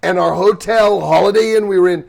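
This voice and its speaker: Gravelly man hosting a casual chat. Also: sits high, a little fast. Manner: blunt, profane, jumps in with interjections. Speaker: podcast host and band member.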